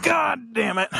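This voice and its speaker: Vlogging from a dirt bike on a wooded trail, a racer talks to himself, out of breath, profane and self-mocking. His low, gravelly voice competes with loud engine noise.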